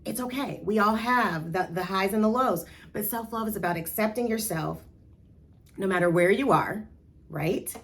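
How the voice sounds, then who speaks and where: A woman leads a self-esteem lesson for young girls in a medium-pitched voice. She talks to them directly, coaxing and lively, and has them repeat affirmations out loud. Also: moderate pace. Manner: animated, coaxing, asks listeners to repeat affirmations. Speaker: youth self-esteem instructor. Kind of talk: encouraging talk to young girls.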